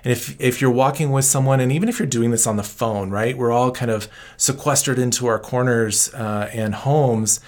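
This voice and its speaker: Calm, explanatory man giving counsel. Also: medium pitch, normal speed, few pauses. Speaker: trauma counselor guest. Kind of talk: interview answers.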